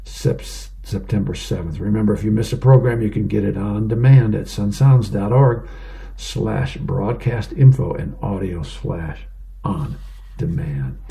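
A man, reading the newspaper and comics aloud as a volunteer on a radio reading service, plain and unhurried with small asides. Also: fairly low pitch, creaky, mellow.

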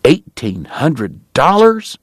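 A man's voice: on the high side, huge pitch swings, takes it slowly, breathy edge, no room sound, voice pushed up, heavily acted. A man voicing a blunt, tired lawman. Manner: blunt and short, wary. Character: tired, plain-spoken frontier lawman.

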